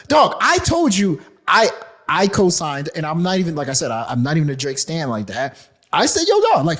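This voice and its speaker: Husky guy on a podcast, kinda high voice, goes all over the place, gets real passionate. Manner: emphatic, passionate, repeats words when worked up. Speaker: podcast co-host. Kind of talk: casual podcast chat.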